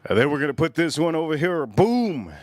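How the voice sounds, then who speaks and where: A man hosting a casual livestream whiskey review, talking excitably and rambling straight to his viewers. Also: on the high side, brisk, no room sound.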